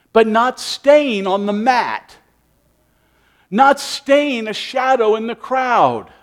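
A man preaching a sermon, animated, acting out people's inner voices with sighing asides. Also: sits high. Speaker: pastor.

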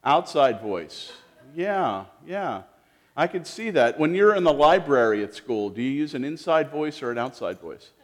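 Male pastor, children's sermon, gentle questioning manner, fairly high voice, animated intonation. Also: a little slow. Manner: gentle, lively, talks to children with questions and restarts. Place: church sanctuary.

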